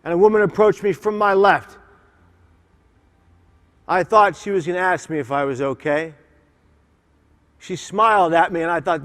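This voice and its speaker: A man with a notably high voice delivers a motivational keynote with fervent emphasis, calling on the crowd to repeat his words. His voice rings out through a large conference hall with a long, trailing reverb. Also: a little slow, pauses often, fairly bright tone. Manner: impassioned, emphatic, leads audience call-and-response. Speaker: keynote speaker.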